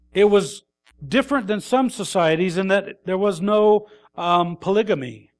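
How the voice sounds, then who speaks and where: High-voiced man preaching earnestly. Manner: earnest, deliberate, with hesitant restarts. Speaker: pastor. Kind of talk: sermon.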